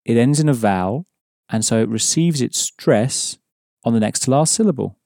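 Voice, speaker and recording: Male language tutor, mellow and steady, dry studio read, patient and explanatory. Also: mid-range voice, normal speed, vocal fry, no echo. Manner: patient, explanatory, prompting the listener. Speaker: language teacher. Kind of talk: audio language lesson.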